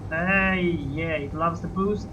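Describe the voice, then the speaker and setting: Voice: mid-range voice, fairly even intonation, slow, highs cut off, noisy background. A let's-play host giving running gameplay commentary, talking to themselves and narrating each moment, with bursts of swearing and yelps. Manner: talks to self, narrates each moment, swears and yelps when things go wrong.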